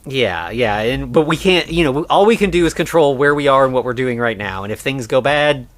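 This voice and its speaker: A man's voice: medium pitch, lively intonation, brisk, no room sound. A man co-hosting a podcast in a casual chat, recapping a film in a rambling way with lots of fillers and acted-out quotes. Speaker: podcast co-host.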